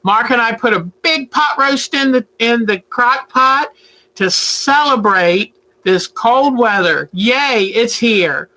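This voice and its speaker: A woman, hosting a casual home livestream and chatting warmly with viewers about her day. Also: fairly high pitch, expressive, takes it slowly, low-quality recording. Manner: chatty, talks baby talk to her pet bird. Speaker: quilting channel host. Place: at home, indoors.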